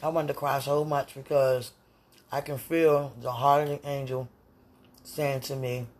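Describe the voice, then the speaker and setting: A podcast host speaking aloud to God and a loved one in an emotional, pleading personal monologue, drifting from soft murmurs to loud declarations. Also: medium pitch, little pitch movement, a little slow.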